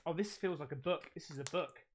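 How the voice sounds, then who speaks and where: A man hosting a stream, chatting casually as he unboxes fan mail, excitable, swearing freely and laughing often. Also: on the high side, a little fast. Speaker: streamer host.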